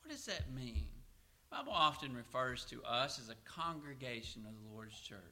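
A middle-aged man preaching a sermon, asking questions and answering them himself, and slowing down to read scripture aloud. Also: medium pitch, sing-song, sharp tone. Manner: asks and answers his own questions.

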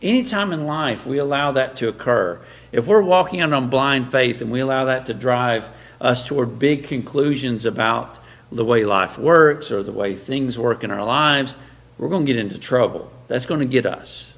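A man's voice: mid-range voice, moderate pace, a bit bright. A man giving a sermon-style lecture, emphatic and full of rhetorical questions, with frequent fillers and restarts. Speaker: preacher.

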